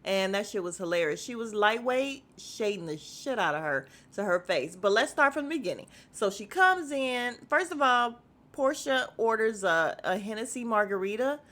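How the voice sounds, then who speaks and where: A woman with a voice a bit higher than most hosts a laid-back podcast. She talks in a sassy, animated way, mimicking the people she talks about with exaggerated voices. The tone stays casual and chatty. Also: moderate pace. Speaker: podcast host recapping a reality show. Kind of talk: casual recap chat.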